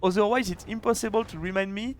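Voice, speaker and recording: A man casting a live strategy game match, chatty and excitable, with quick restarts. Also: sits high. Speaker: esports caster and streamer. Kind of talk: live video game commentary.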